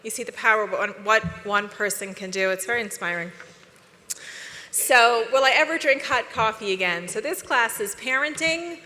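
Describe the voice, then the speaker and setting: A woman's voice: a little high, moderate pace. Chatty woman speaker in an echoey hall. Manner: chatty and animated, asks the audience questions. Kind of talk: conference talk.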